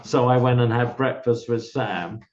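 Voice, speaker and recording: An older man, a guest in an interview, recalls his career in a measured, explanatory way. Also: mid-range voice. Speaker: guest, software founder. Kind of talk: candid reminiscing interview. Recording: slightly dull lo-fi recording.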